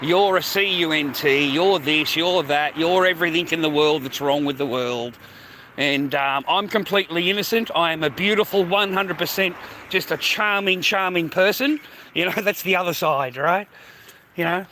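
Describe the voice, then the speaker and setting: A man holds forth on his own livestream in an emphatic, repetitive rant, calling the listener "mate" and "man" as he goes. His voice sits a little high and comes across bright and forceful. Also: moderate pace, a little hiss or hum, rough recording. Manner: peppers speech with "mate" and "man". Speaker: livestream host. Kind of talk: unscripted livestream talk.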